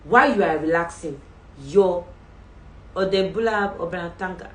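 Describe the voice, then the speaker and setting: A woman's voice: on the low side, normal speed. A woman hosting a faith-based motivational talk, telling a story animatedly, acting out voices and adding asides. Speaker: podcast host. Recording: roomy sound from a distant mic.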